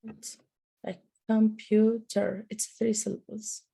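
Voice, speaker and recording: A woman's voice: medium pitch, little pitch movement, slow, gravelly, dark tone, breathy edge. A woman who speaks Arabic as her first language, answering tentatively and thinking aloud as a student in an English lesson.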